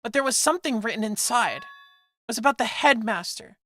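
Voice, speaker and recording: A woman's voice: on the high side, lively intonation, normal speed, a bit bright. A woman reading the lines of an earnest, ordinary teenage boy student, asking and explaining with sincerity. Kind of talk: dramatic reading of game dialogue.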